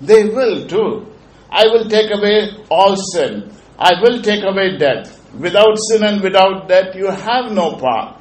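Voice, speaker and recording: A man's voice: high voice, lively intonation, unhurried, reverberant, rough recording. A male preacher voicing a disbelieving, scornful male devil while reading a story aloud. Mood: indignant.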